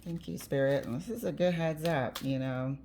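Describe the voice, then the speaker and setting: A woman's voice: low voice, normal speed, background noise. A woman giving a casual tarot reading, chatty and blunt, with the odd swear word and easy laughter. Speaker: tarot reader.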